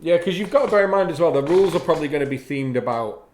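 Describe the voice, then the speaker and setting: A man's voice: a little high, animated, rapid-fire, a little mellow. A man from Ireland co-hosting a live hobby stream, chatting casually, reading viewer comments aloud and laughing easily. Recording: roomy with faint background noise.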